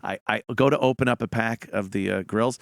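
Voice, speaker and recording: A man's voice: fairly low pitch, fairly quick, creaky, dry recording, clean studio sound. A middle-aged man telling profane stories in a casual chat, acting out the quotes in them. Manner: profane, animated, acts out quotes. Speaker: comedian guest telling stories.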